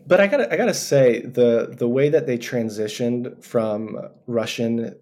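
Relaxed male podcast co-host chiming in. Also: medium pitch. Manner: relaxed, chiming in with quick remarks. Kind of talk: casual film discussion.

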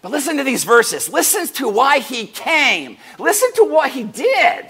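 Male pastor mid-sermon; high, bright voice, playful, acts out short exchanges. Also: unhurried, husky. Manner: animated, swings up and down in pitch and loudness; jokey, acts out doorstep conversations in little voices. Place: church service.

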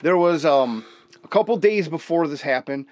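A man talking with a loose, rambling podcast delivery, full of profanity and animated tangents. His voice sits a little high for a man, and the sound is dry and close. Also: moderate pace, dry recording. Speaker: podcast host. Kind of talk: casual conspiracy chat.

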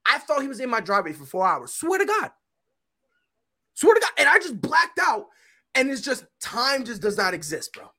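A young man tells a story on a casual podcast, his voice jumping all over in pitch and landing bright and sharp. He drops to low mumbles, then bursts into loud shouts. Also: slightly rough. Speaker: podcast host.

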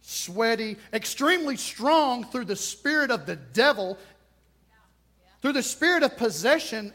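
A man's voice: very high-pitched, bright, forceful tone. A man preaching a sermon, emphatic and repetitive, with touches of humor.

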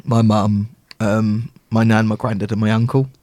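A man's voice: fairly low pitch, normal speed, no echo. A man, telling childhood stories in a casual chat as a podcast co-host and acting out the dialogue. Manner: animated storyteller who acts out quoted dialogue.

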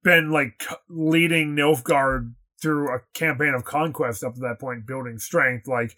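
Bright-voiced man in casual chat. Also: mid-range voice, fairly even intonation, measured pace. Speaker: podcast co-host.

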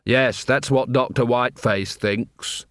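A mournful male clown, as a man reads him in an audiobook, nervous and hesitant. He speaks slowly, in a low, mumbling voice. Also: steady tone, fairly bright tone, no room sound, clean studio sound. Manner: slow and mumbling.

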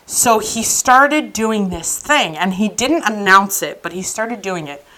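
A woman's voice: mid-range voice, a little slow, rough recording. A woman co-hosting a podcast, telling a story in casual chat, full of "like" and "um" and laughing as she goes. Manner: animated storyteller, frequent "like" and "um"; laughs through her anecdotes. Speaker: podcast co-host.

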